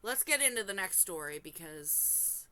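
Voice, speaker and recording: A woman hosting a reaction channel, reading a forum story aloud and breaking off into animated, exclaiming, apologetic asides. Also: mid-range voice, normal speed.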